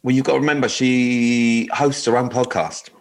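A man's voice: medium pitch, flat delivery, normal speed. A man co-hosting a radio dating show, chatting in a rambling, jokey way with lots of fillers and laughter. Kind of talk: casual chat.

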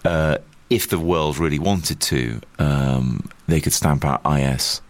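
A middle-aged man from Chester speaks in a very low voice, recorded close and dry with no room sound. He talks as an interviewed journalist, thoughtful and halting, circling back over his words before landing a point. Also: dry recording. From Chester, England. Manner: reflective, with many restarts and fillers. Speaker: journalist guest. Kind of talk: conversational interview.

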